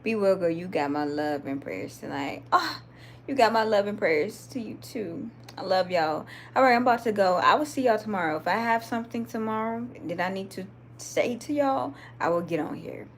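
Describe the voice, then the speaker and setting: A woman's voice: mid-range voice, moderate pace, slight background noise. A woman from Georgia with a Southern accent, chatting casually and reading comments during a late-night live video. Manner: chatty, lively, laughs often.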